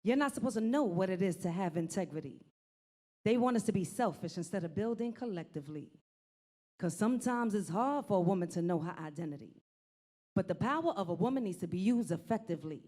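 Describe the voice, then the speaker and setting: A woman's voice: medium pitch, animated, fairly quick, mellow. A woman performing spoken word poetry in a rhythmic, rhyming delivery.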